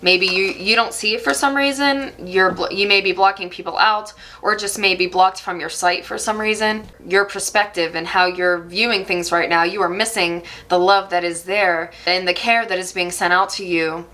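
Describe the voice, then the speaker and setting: A woman reads tarot for her viewers in a soft, reflective voice. Her tone is bright and clear, and she speaks in a reassuring way, at times slowing her words down. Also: medium pitch, fairly even intonation. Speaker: tarot reader. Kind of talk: channeled tarot reading.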